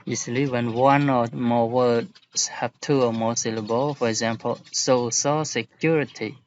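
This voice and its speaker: A male English teacher talks through a lesson at an unhurried, deliberate pace, pausing to give examples. His voice sits at an ordinary pitch, and the recording is a little dull and lo-fi with a faint hiss underneath. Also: steady tone. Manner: slow, explaining patiently with examples.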